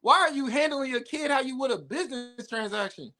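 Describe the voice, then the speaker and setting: High, bright young man arguing bluntly. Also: lively intonation, fairly quick. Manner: blunt, challenging, fond of rhetorical questions. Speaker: radio show co-host. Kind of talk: heated casual debate.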